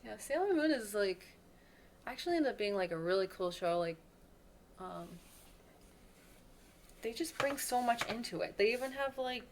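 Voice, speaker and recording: A woman's voice: a little high, expressive, moderate pace, long pauses, slight background noise. A woman hosting a podcast from home, chatting enthusiastically in casual conversation, her sentences full of fillers. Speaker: podcast host.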